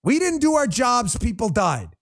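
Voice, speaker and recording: A man's voice: very high-pitched, wildly swooping pitch, moderate pace, a bit bright. A man hosting a political livestream, ranting bluntly and profanely and talking straight to viewers in the chat. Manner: addresses viewers in the chat directly. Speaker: political commentary host. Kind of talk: livestream commentary rant.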